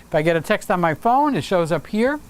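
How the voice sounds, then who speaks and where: This livestream host is a man whose voice sits high and sounds clean, delivered briskly and with great animation. Upbeat and casual, he reads comments from viewers aloud, peppering his talk with frequent fillers.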